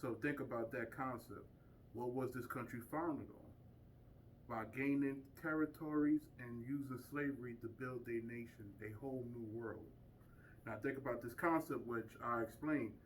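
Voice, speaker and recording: A man's voice: mid-range voice, fairly even intonation, moderate pace, far from the mic, slight background noise, low-quality recording. A man giving an informal lecture to a small group, emphatic and full of rhetorical questions. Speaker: community speaker teaching a group.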